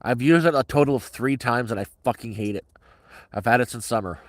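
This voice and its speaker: A man's voice: mid-range voice, brisk, no room sound. A middle-aged man telling a story on a casual livestream in a blunt, heavily profane, agitated way.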